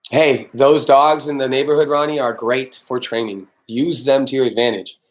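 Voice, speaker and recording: A man's voice: mid-range voice, fairly even intonation, normal speed. A man hosting a casual live-stream Q&A as a dog trainer, talking bluntly, swearing freely and answering viewers by name.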